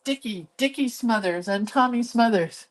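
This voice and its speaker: A woman's voice: a little high, moderate pace. A woman hosting a hand-lettering livestream, chatting in a rambling, reminiscing way while she draws in her living room at home. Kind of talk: casual chat while drawing.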